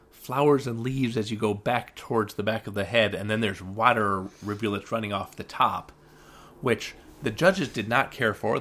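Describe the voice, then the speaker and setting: A man's voice: lowish voice, sharp tone. A man co-hosting a casual podcast chat, recapping TV shows with wry, rambling asides and frequent restarts. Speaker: podcast co-host.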